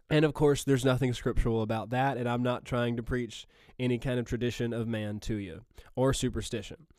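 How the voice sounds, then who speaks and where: A man's voice: mid-range voice, a little mellow, no echo, clean studio sound. A man with a Southern Missouri accent, hosting a podcast and preaching in a casual, earnest way full of fillers and restarts.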